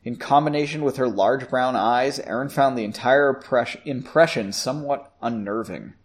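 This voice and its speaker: A man's voice: mid-range voice, moderate pace. A man casually reading a fantasy story aloud, fixing slips and poking fun at the clumsy writing. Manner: self-correcting, mocks the text. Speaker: reader. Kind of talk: casual fiction read-aloud.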